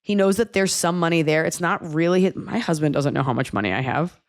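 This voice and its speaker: A woman in her forties hosts an advice podcast in a casual, self-mocking way. Her voice sits a little low. She slips into acted-out lines to show how a talk could go. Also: a little fast. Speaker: podcast host.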